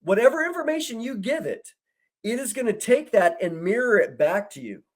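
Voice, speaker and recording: A man co-hosting a discussion, telling an animated story and acting out the dialogue he quotes. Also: very high voice, fairly quick. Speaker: co-host. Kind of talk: conversational discussion.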